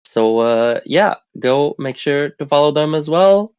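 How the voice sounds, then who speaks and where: A man hosting a casual stream chat while sick, relaxed and halting with many fillers. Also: a little high, clear, resonant tone, dry recording, lo-fi sound. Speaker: host.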